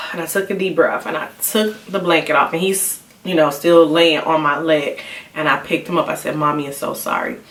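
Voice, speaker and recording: Low-pitched and steady at a normal speed, with a fairly bright tone, the young mom vlogger talks through a candid personal story in a confessional, conversational manner. It's recorded in a roomy space, a bit far from the mic.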